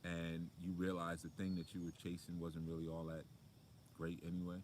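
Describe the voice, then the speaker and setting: A man with a low voice gives a casual spiritual talk outdoors. He preaches in a loose, conversational way, full of fillers and asides, with faint outdoor ambience around him. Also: completely flat delivery, normal speed, a little mellow, slight background noise. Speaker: spiritual motivational speaker.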